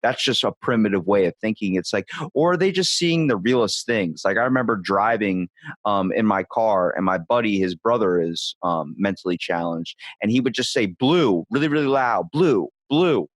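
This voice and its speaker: A man chatting casually as a podcast guest, telling animated stories and acting out quotes in a higher voice. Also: normal speed, dry recording. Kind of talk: casual storytelling chat.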